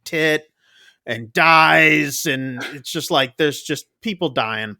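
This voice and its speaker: Bright-voiced man recapping a movie. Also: on the high side, dry recording, studio quality. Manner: chatty, loose retelling with quick asides. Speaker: podcast co-host. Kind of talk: casual movie recap chat.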